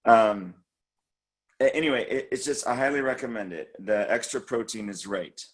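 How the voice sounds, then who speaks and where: A man's voice: medium pitch, normal speed, low-quality recording. A man co-hosting a team call, giving an enthusiastic, rambling product recap full of fillers and restarts.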